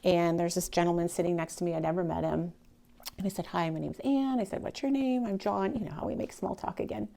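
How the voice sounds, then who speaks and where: A woman speaks to a live audience in a storytelling talk, her voice carrying a gravelly fry. She is animated and emotional, rising loud and then dropping to a near whisper. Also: lowish voice, fast talker. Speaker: speaker telling her real estate story.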